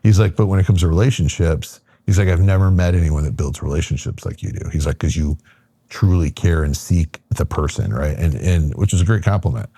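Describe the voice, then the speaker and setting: Deep gravelly man telling a story. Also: a little fast, no echo. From Michigan, USA. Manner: animated storyteller acting out quotes, lots of fillers. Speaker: podcast guest. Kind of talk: casual storytelling conversation.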